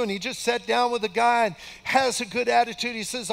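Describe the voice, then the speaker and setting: High-pitched older man preaching in a reverberant hall. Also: steady tone, fairly quick, vocal fry, few pauses, fairly bright tone. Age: 60s. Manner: folksy and emphatic, repeating phrases for effect. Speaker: pastor. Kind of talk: conversational sermon. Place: church sanctuary.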